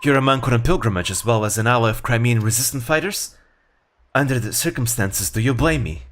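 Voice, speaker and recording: A man voicing a calm, mysterious monk who speaks in a measured, gracious way. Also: medium pitch, natural voice. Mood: serene. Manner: calm, measured, soft-spoken.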